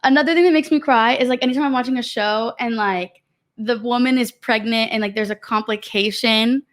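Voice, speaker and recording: A woman's voice: fairly high pitch, fairly quick. A young woman in her twenties co-hosting a podcast, chatting frankly and reading out viewer comments. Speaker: podcast co-host. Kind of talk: casual chat.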